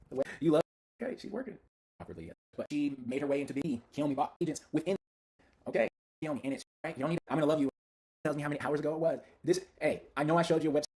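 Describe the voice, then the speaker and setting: A man rattles through a screen-share demo of his own software at a very rapid clip. His voice sits a little high for a man. He is chatty and hyped and talks straight to his viewers. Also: animated. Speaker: software creator demoing his own tool.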